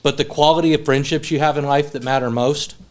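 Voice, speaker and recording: A man's voice: a little high, steady tone, fast talker. A man giving a eulogy for a friend at a memorial service, telling funny stories and then speaking sincerely. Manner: storytelling, moving between humor and sincere tribute. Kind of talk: memorial speech with anecdotes. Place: funeral home service.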